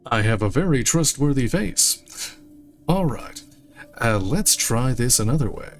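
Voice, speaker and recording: A man's voice: mid-range voice, lively intonation, unhurried, soft background music. A man streaming a video game, reading dialogue options aloud with dry, jokey asides at a desk microphone. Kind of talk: casual gameplay commentary.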